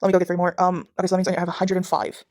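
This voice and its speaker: Completely flat in delivery, a fairly low and slightly mellow voice belongs to a young Durban woman with a South African accent who chats very fast over a video game. A little hiss or hum sits under the recording, made at home with her dog beside her, and her talk rambles with restarts and fillers.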